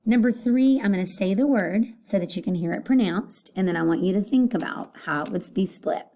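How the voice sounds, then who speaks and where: A woman teacher giving a recorded phonics lesson, patient and repeating each word clearly. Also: mid-range voice, brisk, dark tone.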